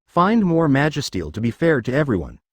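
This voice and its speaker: A man's voice: medium pitch, huge pitch swings, brisk, no echo. Man reading as jovial young ogre prince. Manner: jovial, easygoing. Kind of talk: fan fiction reading.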